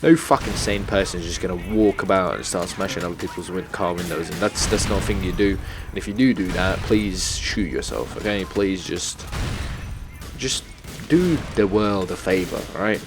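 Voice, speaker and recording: A man's voice: deep voice, moderate pace, music in the background. A man ranting and swearing as he tells a story while playing a video game. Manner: annoyed, swearing, rambling. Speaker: gaming channel host. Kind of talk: storytime rant over gameplay. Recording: game gunfire noise behind voice. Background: game gunfire and explosions.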